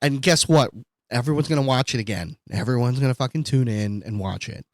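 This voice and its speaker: A man's voice: mid-range voice, a little fast, dry recording, low-quality recording. A man co-hosting a podcast in casual chat, swearing often, laughing a lot and saying "dude" constantly. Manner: profane, laughing, repeats "dude". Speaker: podcast co-host.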